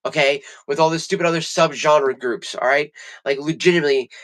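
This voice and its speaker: A man's voice: a little high, a little fast, fairly bright tone. A man hosting a livestream, ranting in a heated, profane and rambling way. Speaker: livestream host. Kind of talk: casual livestream rant. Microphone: studio mic.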